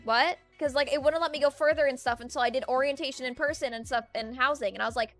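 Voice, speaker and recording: A woman's voice: sits high, fast talker, a bit bright. A young adult woman streaming from home, chatting casually in a ranting, talkative way and laughing often. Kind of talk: casual chat. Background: faint music playlist.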